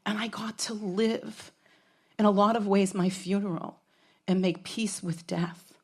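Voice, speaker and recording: Woman storyteller, middle-aged, blunt and profane, comic timing. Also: lowish voice. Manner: frank, profane, comic, with laughs from a crowd. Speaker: storyteller on stage. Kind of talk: personal storytelling talk.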